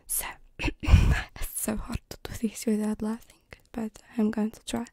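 A woman's voice: on the high side, monotone, unhurried. A woman whispering through a live stream, giggly and self-deprecating as she chats. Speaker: ASMR streamer.

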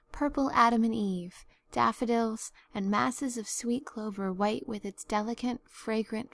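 Lady reading an audiobook, fairly high voice, measured and expressive. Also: creaky. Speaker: audiobook narrator. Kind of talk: scripted narration.

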